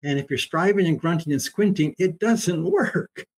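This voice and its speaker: Husky-voiced man in his seventies. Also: a little high, expressive, moderate pace. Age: 70s. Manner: folksy, emphatic storytelling. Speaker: Christian teacher. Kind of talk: casual conversation.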